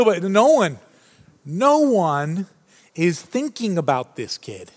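High-voiced pastor in a reverberant hall. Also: male voice, big pitch swings, a little slow. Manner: casual, storytelling, frequent restarts. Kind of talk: conversational sermon. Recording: long reverb from a large hall.

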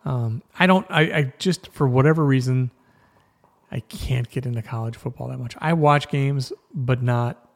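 A man's voice: medium pitch, moderate pace, creaky. A man hosting a rambling, casual news talk show, often stopping and restarting mid-sentence. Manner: rambling, self-interrupting, chatty. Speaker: news podcast host.

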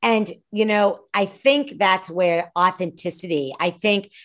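Woman host asking questions, slow and thoughtful, lots of ums and uhs. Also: mid-range voice. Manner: slow, thoughtful, with frequent fillers. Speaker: interview host. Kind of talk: casual interview.

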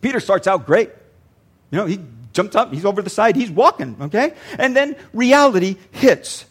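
A man's voice: high-pitched, lively intonation, moderate pace, breathy edge. An older man, a pastor, preaching a sermon earnestly and repeating lines for emphasis.

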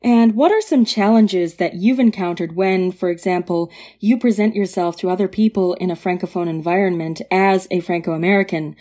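A woman's voice: medium pitch, warm tone. A woman hosting an interview podcast, asking careful, long, well-framed questions. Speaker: podcast host.

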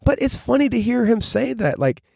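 Young male podcast host in his 20s, quick and rambly, dry close sound, casual reflective monologue. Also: extremely high pitch, sing-song, vocal fry, darkish tone, no echo. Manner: casual, rambling, many filler "like"s.

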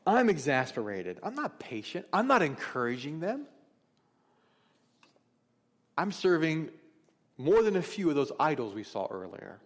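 A man's voice: on the high side, huge pitch swings, normal speed. Middle-aged pastor guy giving a sermon, chatty and honest, sounds like a big echoey church hall. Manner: conversational, candid storytelling. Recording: long reverb of a large hall.

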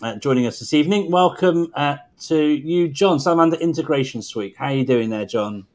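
Chatty co-host, full of uhs. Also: male voice, on the high side, expressive, fairly quick. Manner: chatty, hesitant, many uhs.

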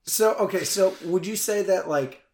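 A man's voice: sits high, normal speed, darkish tone, slight background noise. A man interviewing a guest in a casual chat, asking dry, probing questions. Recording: roomy echo.

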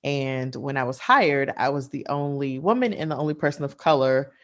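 A woman's voice: a bass voice, moderate pace. A woman in her thirties from the Washington, D.C. area, a guest in an interview, slightly out of breath and candid, laughing easily. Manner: candid, laughs often, zigzagging sentences with fillers. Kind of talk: conversational interview.

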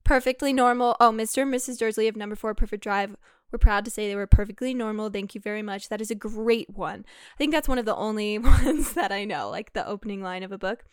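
Young woman, podcast host, bubbly, giggly, casual chat, smooth clear voice, dry close recording. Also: medium pitch, no room sound. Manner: bubbly, giggly, quick asides. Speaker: podcast host and shop owner. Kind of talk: casual chat, reading listener answers.

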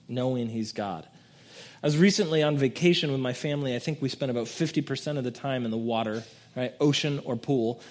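A man preaching a sermon in a casual, conversational way, swinging between soft reflective passages and loud emphatic peaks. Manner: conversational preaching, dramatic swings in pitch and volume. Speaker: pastor.

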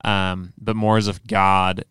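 A man's voice: sits low, level tone, slow pace, fairly bright tone, clear, resonant tone, no echo. A man co-hosting a podcast, explaining religious ideas earnestly in casual chat with many fillers. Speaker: podcast co-host. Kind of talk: casual faith discussion.

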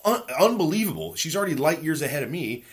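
A fast-talking podcast host in his forties, his voice a little high with a breathy edge, rants casually and profanely. He tells stories from home with animated energy.

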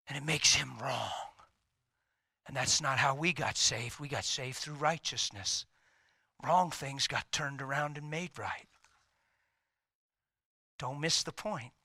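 Dramatic bright-voiced male preacher. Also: on the high side, no echo, studio quality. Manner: dramatic, swinging from loud to hushed whispers. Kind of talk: sermon storytelling.

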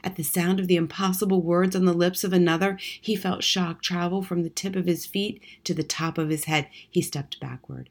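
A woman reading a storybook chapter aloud in a soft, measured narration. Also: on the low side, steady tone. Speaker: audiobook reader.

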